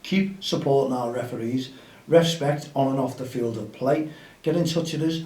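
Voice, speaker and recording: In a casual outdoor podcast, a man with a mellow, mid-range voice and moderate pace hosts a grassroots football show. His tone is chatty and upbeat as he rallies listeners, though he sits a little distant from the mic amid a roomy echo.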